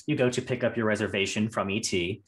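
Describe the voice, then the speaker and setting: A man's voice: on the low side, steady tone, fast talker, fairly bright tone. A man running a tabletop game as game master, narrating in a loose, chatty way full of restarts. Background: faint carnival music.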